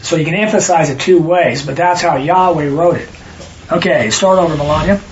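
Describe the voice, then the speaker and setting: High-voiced man teaching Bible study. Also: fairly quick, highs cut off, a little hiss or hum. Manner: explanatory, stops readers to correct and stress words.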